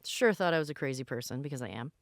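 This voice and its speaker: A woman co-hosting a podcast tells a rambling, candid story with self-deprecating asides in casual storytelling chat. Her bass voice is expressive and rapid-fire, recorded with studio quality and no echo.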